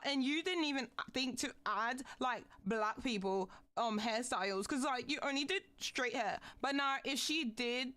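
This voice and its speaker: A woman's voice: sits high, a little slow, few pauses, bright, forceful tone. A young adult woman VTuber streamer chatting casually with her viewers, ranting animatedly and swearing often. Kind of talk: casual livestream chat.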